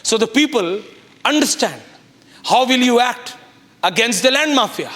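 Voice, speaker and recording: A man with an Indian English accent anchoring a news debate, talking forcefully and insistently and hammering the same questions. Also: extremely high pitch, expressive, a little slow. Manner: forceful, insistent, repeats commands. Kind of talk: heated debate moderation.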